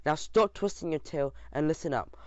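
Male reader doing a loud, bossy male mouse explorer for a storybook, bellowing and pushy, on a dull, dry recording. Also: fairly high pitch, normal speed, dry recording, lightly acted.

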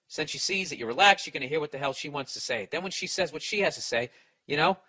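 A man's voice: a little high, lively intonation, fast talker, bright, forceful tone, rough recording. A man hosting a podcast, giving blunt, profane advice in a sarcastic rant.

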